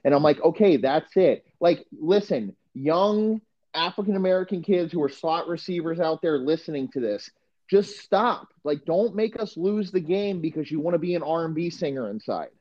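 A man's voice: on the high side, lively intonation, moderate pace, muffled recording. A man, a podcast co-host and former football coach, telling crude stories in casual chat with many restarts.

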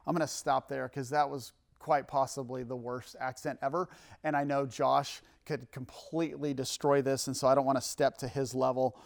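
A man preaching a sermon and reading scripture aloud, with casual asides and self-corrections, building to loud, emphatic peaks. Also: mid-range voice, level tone, moderate pace, vocal fry.

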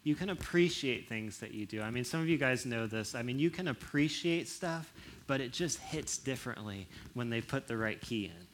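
A young man talking casually to an audience about relationships. He acts out quoted voices with big jumps in pitch and drops soft and low for serious points. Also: expressive, normal speed, a little hiss or hum. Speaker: speaker on relationships.

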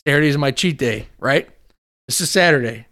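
A man in casual chat, telling long animated stories and swearing freely. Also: mid-range voice, brisk.

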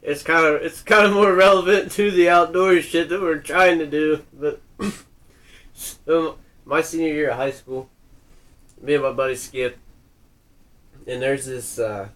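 A man's voice: fairly high pitch, fairly even intonation, unhurried, pauses often, fairly bright tone. Profane man telling a casual story. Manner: loose and profane, many fillers. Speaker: podcast co-host.

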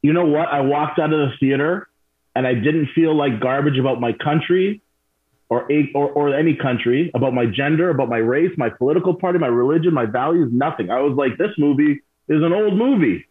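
Husky man on a tinny line. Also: mid-range voice, fairly quick. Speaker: guest, martial arts academy owner. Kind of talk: casual interview talk.

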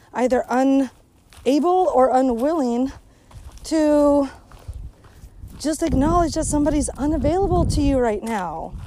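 A woman's voice: high-pitched, dark tone, rough recording. A woman delivering a blunt, sarcastic, profanity-heavy casual rant while out on a hike by a lake. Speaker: vlogger. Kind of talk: casual ranting monologue.

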